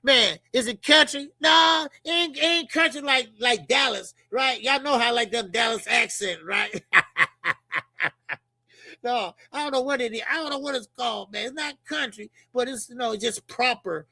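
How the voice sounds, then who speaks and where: Loud, bright Chicago man ranting. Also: very high-pitched, normal speed, gravelly, no echo. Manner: animated, profane, laughing banter. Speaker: boxing channel host. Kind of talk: casual commentary.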